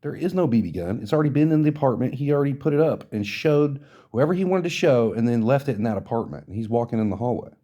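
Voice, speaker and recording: A man's voice: mid-range voice, expressive, quick pace, hardly any pauses, mellow, muffled recording. A man hosting a podcast, delivering an indignant, profane rant of social commentary. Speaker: podcast host.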